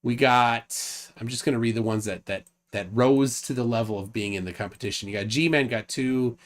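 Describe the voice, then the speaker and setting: A man's voice: mid-range voice, moderate pace. Rambling male livestream host. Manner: rambling, restarts, reads out lists. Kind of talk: casual livestream chat.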